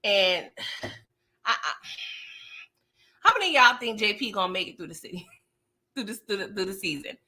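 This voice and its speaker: A woman's voice: mid-range voice, expressive, moderate pace, pauses often, sharp tone. A woman hosting a casual livestream recap of a TV show, chatting in slangy, playful talk and laughing often.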